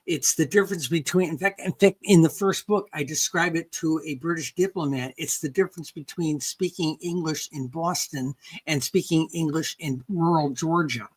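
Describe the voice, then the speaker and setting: A woman's voice: deep voice, moderate pace, hardly any pauses, slightly rough. An older woman guest in a casual interview, rambling with frequent restarts and "okay" checks. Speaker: guest researcher and author.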